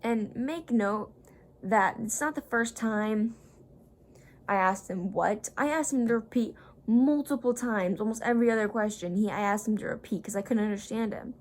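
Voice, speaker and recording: A young woman vlogger casually retelling a story, rambling and acting out the people she quotes. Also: a little high.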